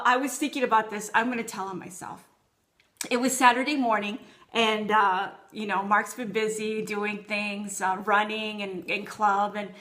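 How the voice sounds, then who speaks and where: A woman's voice: fairly high pitch, a bit bright. A woman in her thirties giving a conversational sermon to women, telling personal stories with quoted dialogue. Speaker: women's ministry speaker.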